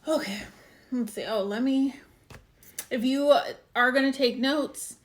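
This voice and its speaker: A woman's voice: high voice, a little slow. A woman hosting a casual live-stream show, chatting and greeting viewers by name. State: out of breath. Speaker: waxing show host.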